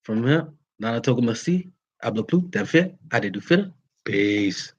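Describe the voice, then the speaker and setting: A man's voice: medium pitch, animated, normal speed, husky, highs cut off. A man who is a Vodou priest, talking casually and plainly to his followers and calling them y'all. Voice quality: folksy and plain-spoken, uses y'all. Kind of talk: casual livestream talk to followers.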